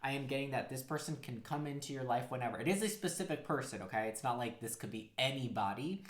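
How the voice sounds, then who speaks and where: A man's voice: medium pitch, quick pace, roomy sound. A man giving a casual, rambling tarot card reading, full of fillers and acted-out quotes. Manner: rambling, heavy use of "like", acts out quotes. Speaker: tarot reader.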